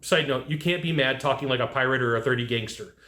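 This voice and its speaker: A man giving casual advice to HVAC technicians, telling lively work stories and acting out what people said. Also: medium pitch, fast talker, echoey room. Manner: animated storyteller who acts out quotes. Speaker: HVAC sales trainer.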